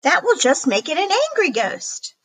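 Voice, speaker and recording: A woman reading aloud, voicing a nervous young boy who panics in high squeaks. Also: huge pitch swings, normal speed, full character voice. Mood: panicky.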